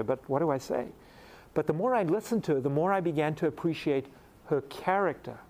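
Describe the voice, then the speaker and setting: A middle-aged man preaches through a personal story. He tells it with animated energy, and his voice climbs higher as he laughs along. His voice sits slightly above the usual male pitch. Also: a little hiss or hum. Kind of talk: storytelling sermon.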